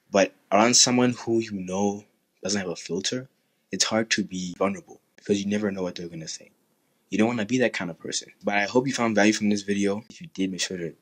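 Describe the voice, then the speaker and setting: A young man giving an earnest, measured motivational talk about faith as a Christian video host. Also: low voice, fairly bright tone, slightly rough. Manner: earnest, measured, laughs now and then. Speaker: Christian YouTuber.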